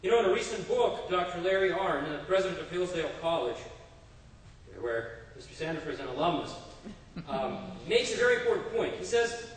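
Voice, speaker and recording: A man with a somewhat raised pitch delivers a public speech at a community forum. He strings together anecdotes and jokes with easy fillers. The sound is distant and very reverberant, with a faint hum of room noise. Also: lively intonation, fairly quick. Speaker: congressional chief of staff giving a speech. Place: public meeting hall. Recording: echoey hall from far off.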